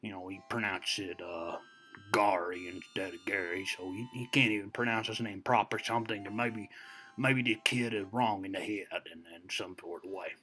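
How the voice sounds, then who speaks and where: A man's voice: lowish voice, steady tone, normal speed, sharp tone, slight background noise. A man playing a very old, boastful American storyteller who rambles and digresses in a folksy way, full of "you know" fillers. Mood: rambling. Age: over 60. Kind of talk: comedic character monologue.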